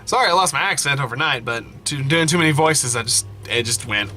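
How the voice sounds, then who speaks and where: A man playing a story game at home, reading the text aloud with animated running commentary and frequent self-corrections. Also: medium pitch, normal speed, slight background noise. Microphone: desk mic, wearing headphones.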